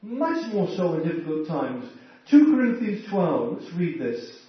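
A man preaching a sermon with earnest warmth, often addressing his listeners as friends. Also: a little high, huge pitch swings, unhurried. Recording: echoey, distant and dull.

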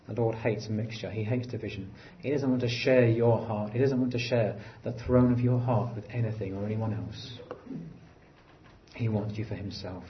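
A man preaching a sermon in an earnest way, rising to emphatic lines and dropping to quiet, low phrases. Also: steady tone, normal speed, dull audio, slight background noise.

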